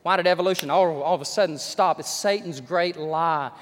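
A man's voice: a little high, brisk, a little hiss or hum. A man preaching an emphatic sermon full of rhetorical questions, in a large church hall. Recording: long hall reverb.

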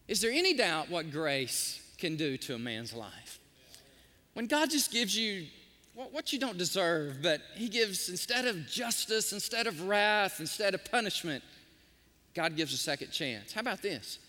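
A man pastor preaching a sermon, telling stories in an animated, emotional way. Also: sits high, unhurried, in a large hall. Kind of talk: sermon with storytelling. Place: church sanctuary.

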